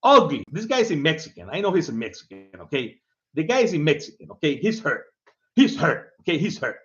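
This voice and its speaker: A man with a high, lively voice that swings all over as he taunts and ribs someone to camera. He laughs a lot, repeats phrases and tags "man" onto everything. The sound is dull and lo-fi. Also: brisk. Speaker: video host. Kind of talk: casual mocking rant to camera.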